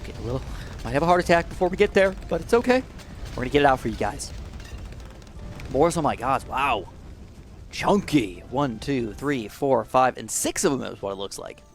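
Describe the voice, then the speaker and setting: A young man commentating his gameplay, swinging between low mutters and high, alarmed shouts. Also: expressive, normal speed, faint music behind. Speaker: gaming commentator.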